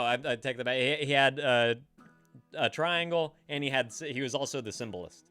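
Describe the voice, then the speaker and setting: A man's voice: medium pitch, moderate pace, pushed and bright, smooth, faint music behind. A man hosting a live stream, chatting casually with his viewers, swearing freely and laughing often. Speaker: livestream host.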